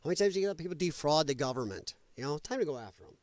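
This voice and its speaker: Animated high-voiced man hosting a livestream. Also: rapid-fire. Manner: animated, laughing, talks to chat while hunting for clips. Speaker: livestream host. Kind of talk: casual political commentary livestream.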